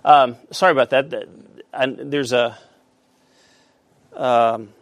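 A man teaching a Bible study class, halting with many fillers and asking the class questions. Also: mid-range voice, fairly even intonation, no echo.

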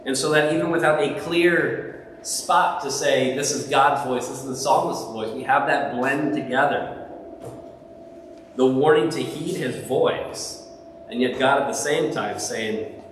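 A man preaching a sermon as pastor speaks conversationally and puts questions to the congregation. His mid-range voice is unhurried and sounds far off in an echoey hall, with slight background noise.

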